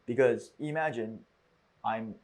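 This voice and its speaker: A man hosting a podcast, telling a personal story in a halting, reflective way with frequent restarts. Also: mid-range voice, darkish tone. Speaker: podcast host.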